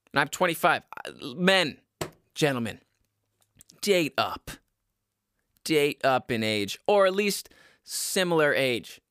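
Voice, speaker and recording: A man's voice: a little high, pushed and bright, no room sound, clean studio sound. A man in his twenties rambling crudely at home to his viewers, often laughing at his own jokes and stumbling over his words. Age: 20s. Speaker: vlogger giving dating advice. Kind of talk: casual rambling monologue to camera.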